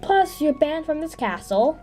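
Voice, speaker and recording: A woman's voice: sits high, big pitch swings, unhurried, dark tone, soft background music. A woman doing a scornful vampire queen mother. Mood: commanding. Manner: scornful, commanding. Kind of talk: toy figure drama voiceover.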